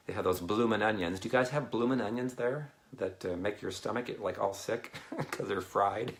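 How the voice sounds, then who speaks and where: Low gravelly man rambling to viewers. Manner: rambling, chatty, laughs often. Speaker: Christian ministry speaker. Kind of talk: casual live video chat with viewers.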